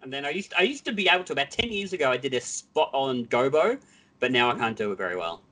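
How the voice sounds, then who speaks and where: A man's voice: medium pitch, animated, fast talker, pushed and bright. A man chatting as a podcast guest, eager and joking, trying out impressions. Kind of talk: casual chat. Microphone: headphones, podcast mic.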